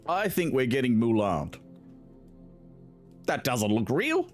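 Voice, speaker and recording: A man's voice: mid-range voice, huge pitch swings, slow pace, pauses often, soft background music. A young man commentating on a video game in a casual, sarcastic way, swearing freely and laughing often. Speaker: gaming video host.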